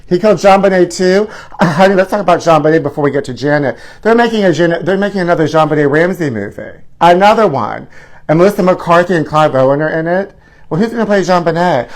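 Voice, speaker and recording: A man's voice: a little high, lively intonation, a little fast. Campy, flamboyant gossip show host man. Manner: flamboyant, theatrical, calls viewers honey and trashies. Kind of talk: campy celebrity gossip chat.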